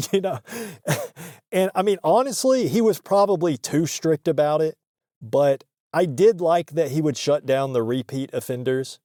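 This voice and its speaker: A man's voice: a little high, expressive, moderate pace, mellow, no echo, clean studio sound. A man telling a work story in a casual, profane and joking way, laughing between lines.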